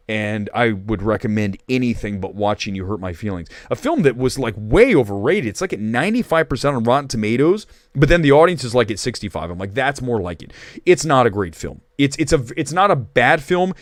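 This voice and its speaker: A man's voice: mid-range voice, dry recording, clean studio sound. A man hosting a casual livestream movie chat, opinionated and rambling, with restarts and asides. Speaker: movie talk show host.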